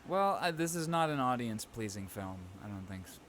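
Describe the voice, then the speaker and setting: A man's voice: mid-range voice, lively intonation, fairly quick, fairly bright tone, a little hiss or hum. A man co-hosting a podcast, chatting casually and thinking aloud with lots of fillers. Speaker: podcast co-host. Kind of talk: casual chat.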